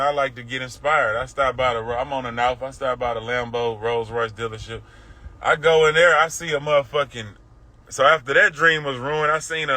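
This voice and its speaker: A man's voice: mid-range voice, pushed and bright. A man with a Houston accent telling stories on a live stream in a laid-back way, with lots of profane slang and direct talk to his viewers. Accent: Houston, Southern US. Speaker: livestream host. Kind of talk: casual storytelling on a live stream.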